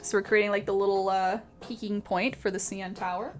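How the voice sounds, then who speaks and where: A woman's voice: mid-range voice, flat delivery, a little fast, soft background music. A woman teaching painting on a live stream, chatty and laughing often as she answers her chat.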